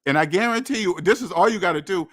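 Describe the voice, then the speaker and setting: A fast-talking young man runs a finance channel, addressing viewers directly with blunt, preachy money advice and scolding that loops back on itself. His fairly bright voice sits a touch above the typical male range.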